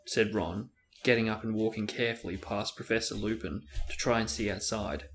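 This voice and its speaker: A man hosting a show, reading a novel aloud in steady narration with occasional stumbles. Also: on the low side, moderate pace. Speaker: host reading a book aloud. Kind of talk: book reading with character voices.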